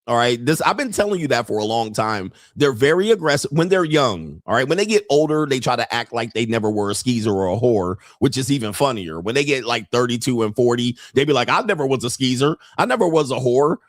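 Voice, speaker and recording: Man, middle-aged host, lively swinging pitch, dry close sound, blunt and crude, laughs often. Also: a little fast, hardly any pauses, dry recording. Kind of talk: commentary on viral clips.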